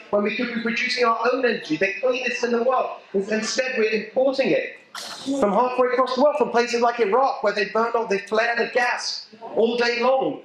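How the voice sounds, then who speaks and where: A middle-aged man with an English accent giving an animated, emphatic talk to a local political group, joking with the audience as he goes. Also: very high-pitched. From England. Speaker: political speaker. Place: event venue with a live audience. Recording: echoey room.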